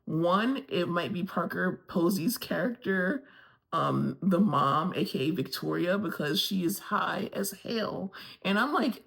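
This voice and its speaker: A woman's voice: fairly low pitch, normal speed, creaky. A woman from Florida giving a candid, gossipy recap of a TV episode and swearing casually along the way. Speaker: TV review vlogger.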